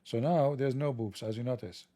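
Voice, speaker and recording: A man's voice: mid-range voice, normal speed, dark tone, no room sound. A man hosting a livestream, delivering a sarcastic, joking, mocking monologue. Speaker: livestream host.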